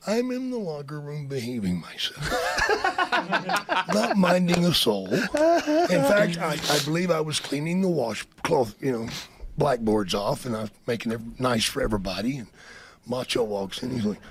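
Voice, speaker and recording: A man telling a story in casual talk, animated and swearing freely, often breaking into laughter. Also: medium pitch, moderate pace, a crowd in the background. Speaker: guest storyteller.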